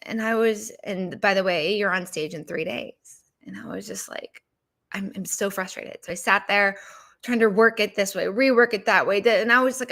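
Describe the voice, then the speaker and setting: A woman with a bright, crisp voice tells her own story as a business coach. She is animated and slips into the voices of her past conversations as she retells them. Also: medium pitch, normal speed. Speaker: business coach and podcast host. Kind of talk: personal storytelling monologue.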